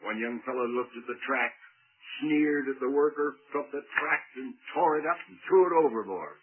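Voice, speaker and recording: A man preaching a dramatic sermon, acting out the voices he quotes and swelling suddenly to loud peaks. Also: medium pitch, normal speed, noisy background. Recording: tinny phone-like old radio broadcast.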